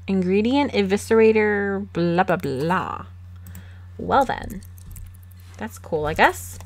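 A woman's voice: medium pitch, lively intonation, takes it slowly. A woman casually commenting on her life-simulation game at her computer, giggling and coaxing her characters, with mouse clicks and typing behind her. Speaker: let's play host. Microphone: desktop USB mic.

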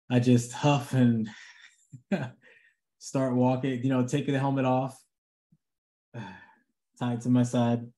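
A man's voice: mid-range voice, mellow. Hesitant man playing a tabletop game. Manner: hesitant, restarting, casual. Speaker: player. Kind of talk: describing his character's actions.

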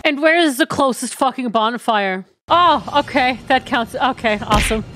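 A young woman doing let's play commentary, excitable and swearing a lot, with frequent yelps and repeated cries. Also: high-pitched, moderate pace, few pauses. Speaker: gamer streamer. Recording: game music clearly behind.

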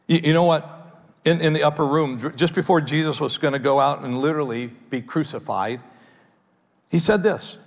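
Gravelly male pastor preaching. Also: fairly high pitch, normal speed, in a large hall. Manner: animated, conversational preaching with repeated starts. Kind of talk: sermon. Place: large church hall.

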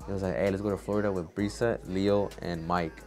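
A young man talks straight to camera in a relaxed, slangy vlog voice. His voice sits on the low side, and he leans on filler words and swearing as he tells his story. Faint music plays under him. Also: brisk. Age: young adult. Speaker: content creator.

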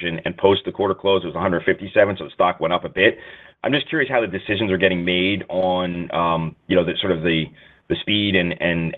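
A man calling in as an analyst, asking long rambling questions full of fillers on an earnings call. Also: low-pitched. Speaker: analyst caller. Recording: tinny phone line.

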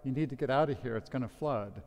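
A man's voice: mid-range voice, fast, a little mellow, lightly acted. A man playing a friendly sheriff's deputy offering a ride away from a flood. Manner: friendly, urging. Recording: long church reverb.

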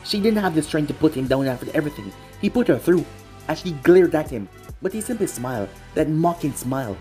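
A narrator reading a fan-fiction action story aloud, with a dramatic storytelling delivery. The voice is mellow and dark with a lively, animated pitch, and faint music plays behind. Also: a little fast.

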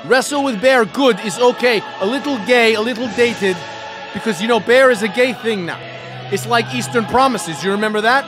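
A man's voice: high voice, very animated, slow pace, hardly any pauses, music in the background, voice pushed up, heavily acted. A man playing a brash, crude Russian podcast host in a put-on Russian accent with broken English and dropped articles. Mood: loud bragging. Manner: loud and hammy, dropping articles.

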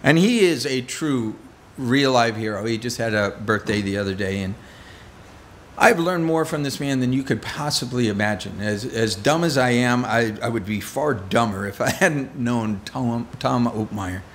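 A man's voice: mid-range voice, moderate pace, a little hiss or hum. A middle-aged man preaching a conversational sermon as pastor, telling stories with self-deprecating humor.

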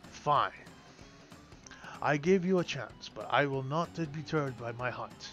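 A man's voice: medium pitch, lively intonation, a little slow, a bit bright. A man voicing a proud male hunter god who speaks sternly and demands things in a raised voice. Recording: music playing behind.

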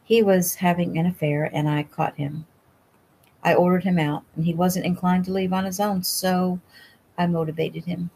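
Feisty stubborn young woman in a storybook, read by a woman, low voice, wry. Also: fairly even intonation, moderate pace, dark tone, slight background noise, close to an everyday voice. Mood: steady, wry.

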